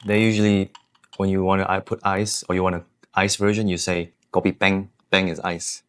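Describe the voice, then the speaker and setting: A man's voice: low-pitched, level tone, brisk, a bit bright, clear, resonant tone. A man who tastes food and makes teasing, dry jokes in casual chat. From Malaysia. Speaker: husband tasting food.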